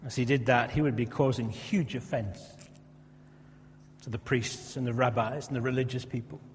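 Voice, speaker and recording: A man's voice: medium pitch, fairly even intonation, moderate pace, a little hiss or hum. A male preacher, delivering an impassioned sermon and acting out characters. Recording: reverberant hall.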